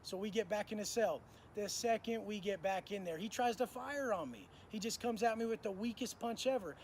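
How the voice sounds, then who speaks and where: With a high voice and a slightly fast pace, a storyteller talks casually about prison life, swearing freely in street slang and mimicking what others said. There's slight background noise.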